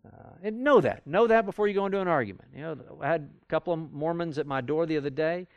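A man's voice: a little high, lively intonation, fast, dry recording, muffled recording. A man teaching a Bible study class in a conversational way, acting out quoted arguments as he goes. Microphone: recorded for audio with a live class.

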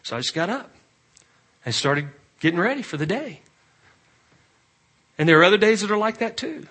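A male pastor preaching a sermon, swinging from loud emphatic rises to quiet, low asides. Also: sing-song, moderate pace, breathy edge.

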